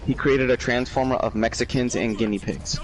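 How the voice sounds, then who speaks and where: A man chatting on a podcast while gaming, blunt, profane and excitable. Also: medium pitch, fairly quick, low-quality recording. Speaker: podcast co-host.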